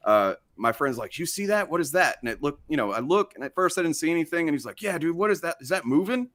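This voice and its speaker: Fast-talking man from South Texas, rambling. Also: a little high, expressive, fairly bright tone, dry recording. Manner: rambling, profane, many fillers. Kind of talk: casual storytelling chat.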